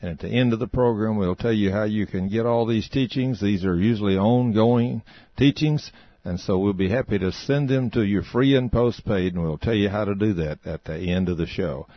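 A man hosting a ministry broadcast, opening the program in a steady announcer's manner. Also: fairly low pitch, moderate pace, no echo, dull audio. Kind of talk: program introduction.

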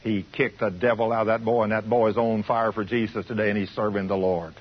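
Husky fervent radio preacher. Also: male voice, fairly low pitch, little pitch movement, fast, few pauses. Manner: fervent, folksy storytelling. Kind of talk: radio sermon. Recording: muffled radio broadcast.

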